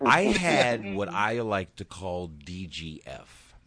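A man's voice: low voice, big pitch swings, slow, bright, forceful tone, no room sound. A man in his thirties in casual chat, a laid-back, rambling and profane storyteller.

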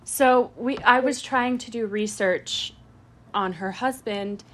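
A woman's voice: on the high side, slow. A woman co-hosting a podcast in casual chat, rambling through stories and laughing often. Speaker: podcast co-host.

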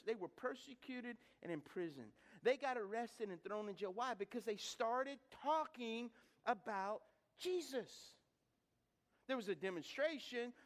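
A middle-aged male preacher with a high voice delivers a storytelling sermon. He throws rhetorical questions at the congregation, tells jokes at his own expense, and stumbles and repeats words as he builds toward each point. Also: fairly bright tone. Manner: repeats words and restarts while building stories.

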